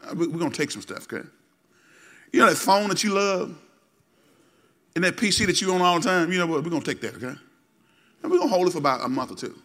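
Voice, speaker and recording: A middle-aged male pastor preaching a sermon, repeating phrases and calling for responses, swinging from low asides to loud exhortation. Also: very animated, quick pace, pauses often. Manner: repetitive, call-and-response preaching.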